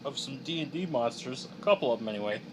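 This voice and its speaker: A man's voice: mid-range voice, animated, fast, a little hiss or hum. A young man chatting casually on a drawing livestream, joking and reading chat aloud. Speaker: streaming artist.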